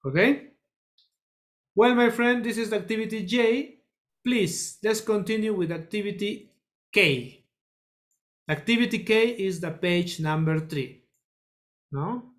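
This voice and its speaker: A teacher leads a children's English lesson in a classroom. The pace is unhurried and deliberate, with key phrases drilled again and again. Students are called on one by one to answer. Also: mid-range voice. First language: Spanish. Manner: slow, repetitive drilling, calls on students.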